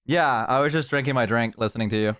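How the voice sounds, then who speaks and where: A man streaming live, talking quickly in a joking, mock-indignant way. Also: medium pitch, fairly bright tone, clear, resonant tone, no echo, clean studio sound. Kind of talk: casual live-stream chat.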